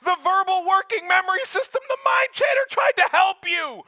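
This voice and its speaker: A male pastor delivers a lively, joking sermon and speaks directly to his congregation. His voice sits high and sounds very bright and sharp. The recording is dry, with almost no room sound. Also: moderate pace, no echo. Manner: humorous, animated, addresses the congregation directly. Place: church service held in a school.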